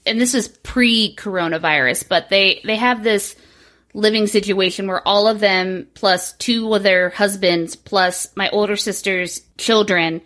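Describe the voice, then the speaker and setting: A woman's voice: medium pitch, fairly even intonation, measured pace, a bit bright. A woman in her thirties co-hosting a podcast, chatting casually with lots of swearing, fillers and laughs. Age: 30s. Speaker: podcast co-host.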